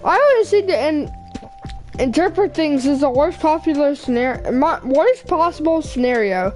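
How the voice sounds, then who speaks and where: A woman reading a visual novel aloud, voicing a shy, bookish teenage girl who talks haltingly and apologetically. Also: sits high, animated, darkish tone, soft background music, poor audio. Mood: nervous. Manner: halting, apologetic, stumbles over words.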